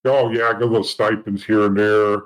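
Man, fairly low voice, blunt and profane, casual storytelling, acts out other people's lines. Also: level tone, normal speed, low-quality recording. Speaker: interview guest, former police officer and informant.

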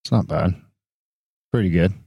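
A man's voice: sits low, moderate pace, gravelly, warm tone, husky, no echo. A man with a Canadian accent co-hosting a podcast, bantering with crude, teasing jokes. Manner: profane, joking, teasing. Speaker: podcast co-host. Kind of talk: casual banter.

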